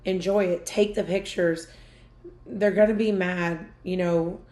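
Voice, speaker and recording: Gentle reassuring woman interviewer, lowish voice. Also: steady tone, measured pace. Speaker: podcast co-host interviewer. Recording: echoey room.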